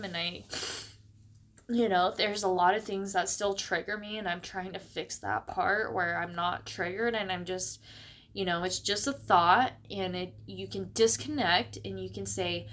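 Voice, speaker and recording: A young woman talks through her feelings in a personal monologue. Her voice is halting and emotional, and she stays close to tears. She pauses often and starts her sentences again. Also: medium pitch, a bit bright. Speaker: vlogger.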